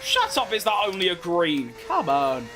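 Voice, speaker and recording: High-voiced British man streaming a game. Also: wildly swooping pitch, moderate pace, noisy background. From Britain. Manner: chatty, self-mocking, slangy, talks to himself while playing. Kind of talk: casual gameplay commentary.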